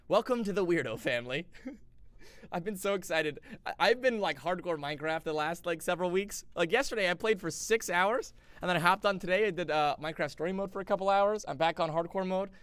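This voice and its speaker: Young guy streaming a game, high voice that jumps all over, chatty and jumpy, bit of hiss and clicks. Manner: excitable, yelps and laughs at danger, chats to viewers. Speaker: gaming streamer. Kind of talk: live-stream gameplay commentary.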